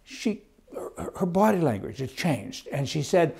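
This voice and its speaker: A business owner telling an exasperated personal anecdote, breaking into incredulous outbursts. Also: male voice, on the high side, very animated, unhurried, vocal fry, darkish tone, breathy edge. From Canada. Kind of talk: ranting personal anecdote to camera.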